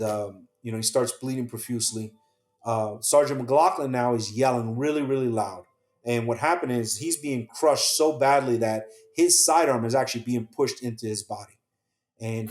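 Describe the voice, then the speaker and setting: A middle-aged American man, a police officer, earnestly recounting a harrowing survival story in an interview. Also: mid-range voice. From United States. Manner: earnest, quiet recounting with quoted dialogue. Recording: roomy echo.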